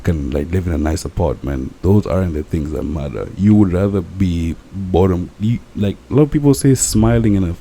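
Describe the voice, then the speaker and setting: Brief: drunk young co-host, low gravelly dark voice, earnest rambling chat. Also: male voice, lively intonation, normal speed, few pauses. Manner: rambling, earnest, repeats himself. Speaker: podcast co-host. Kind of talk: casual late-night chat.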